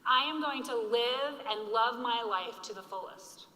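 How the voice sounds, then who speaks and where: Bright-voiced woman speaking in an echoing hall. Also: fairly high pitch. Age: 40s. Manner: earnest, slows down to stress key lines. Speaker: keynote speaker. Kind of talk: motivational conference speech. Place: large hall with an audience. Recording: echoey hall reverb.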